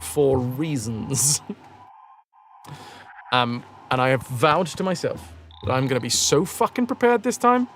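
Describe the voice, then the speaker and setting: A man's voice: medium pitch, animated, measured pace, long pauses, fairly bright tone, slight background noise. A young man casually chatting and swearing as he streams a game, crude and self-mocking. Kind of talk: casual live gameplay commentary.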